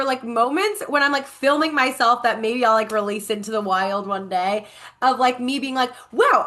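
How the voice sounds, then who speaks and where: A young woman co-hosting a podcast, telling a story in a casual chatty way with lots of fillers and lively quoted voices. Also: on the high side. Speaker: podcast co-host.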